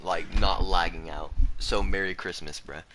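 A man's voice: deep voice, fairly even intonation, moderate pace, sharp tone, a little hiss or hum. A man, teasing friends with slang and frequent laughter in casual gaming banter. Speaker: gamer.

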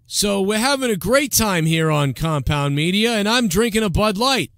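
A man's voice: sits high, animated, normal speed, fairly bright tone, no room sound, studio quality, pitched above the performer's own voice. A man doing a mocking impression of a rowdy, cocky, beer-drinking male radio host with crude bragging. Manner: brash, rowdy, laughing braggadocio.

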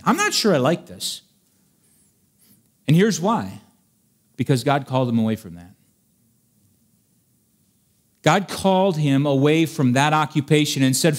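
A man's voice: on the high side, very animated, a little slow, pauses often. A man preaching a sermon in a chatty, playful way, reading old-fashioned scripture and acting out the scenes.

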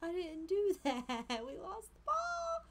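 A young woman streamer chatting casually while she plays a game, animated and giggly, squealing at surprises and murmuring quiet asides. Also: very high-pitched, slow, background noise. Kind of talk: casual gameplay commentary.

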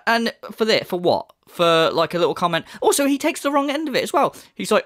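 A man's voice: high voice, very animated, a little fast, few pauses, a bit bright, no room sound, studio quality. A man hosting a sarcastic commentary, swearing often and mocking what he reacts to. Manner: mocking, laughing, swearing, mimics voices. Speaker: commentary channel host.

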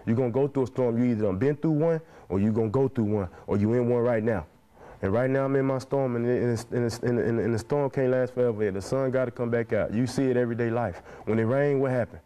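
A man's voice: medium pitch, mellow. A man in his twenties speaking in an interview with passionate, preacher-like conviction, dropping "man" into nearly every phrase. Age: 20s. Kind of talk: earnest interview talk.

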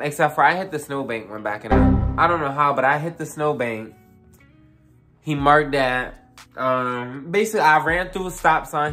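A young adult vlogger telling a casual storytime, animated and profane, full of fillers and asides to the viewers. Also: mid-range voice.

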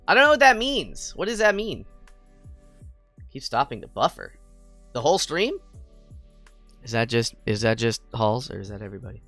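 A young American man chatting playfully while streaming a game, prone to excited squeals. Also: mid-range voice, moderate pace, long pauses, no room sound, soft background music. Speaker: VTuber streamer. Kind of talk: casual gaming stream chat.

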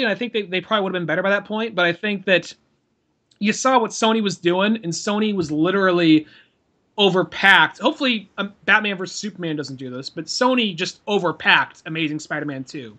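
A man's voice: high-pitched, sharp tone. A man co-hosting a podcast in casual chat, giving meandering opinions. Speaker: podcast co-host.

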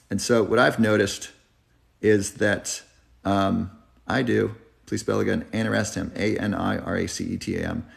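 A man in his thirties with a gravelly, creaky voice answers viewer questions live. He speaks earnestly and reflectively, pausing to think, in a lowish register. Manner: earnest, reflective, tearing up at times. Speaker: health channel host. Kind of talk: live Q&A chat. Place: driving, in a car.

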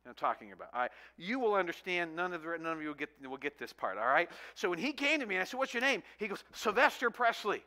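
A pastor in his forties preaching a sermon, telling self-mocking stories with animated humor. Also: fairly high pitch.

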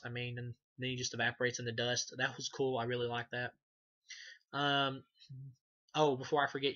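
A man's voice: medium pitch, pushed and bright, highs cut off. A man giving a casual, rambling spoken review of a horror film, swearing often and filling gaps with "like" and "um". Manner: rambling, profane, many fillers. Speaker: movie reviewer.

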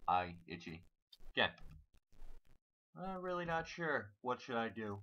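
A man's voice: medium pitch, sing-song, a little slow. A man making casual, offhand commentary while he plays a game. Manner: chatty, offhand. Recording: dull lo-fi under loud game music.

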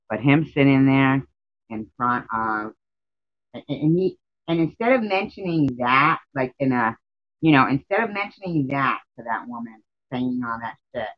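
A woman's voice: rumbling low, no room sound, dull audio. A woman chatting casually on a live stream, rambling and emotional as she greets her viewers by name.

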